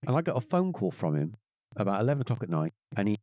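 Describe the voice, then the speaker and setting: Animated middle-aged man, low and dark. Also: quick pace, no echo. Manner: animated, acts out quoted voices in a higher pitch. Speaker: podcast guest. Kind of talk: casual storytelling.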